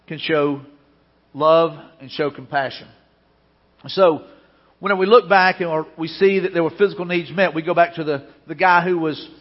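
High-voiced preacher in an echoing hall. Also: male voice. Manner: earnest preaching with repeated phrases. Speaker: pastor. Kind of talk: sermon. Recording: dull lo-fi sound with long hall reverb.

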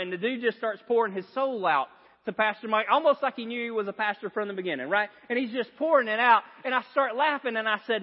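A man's voice: high-pitched, fast. A man preaching a sermon as pastor, telling stories with frequent laughs and repeated phrases. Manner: storytelling, laughs often, repeats phrases for emphasis. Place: church sanctuary. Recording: dull sound in a long-reverb hall.

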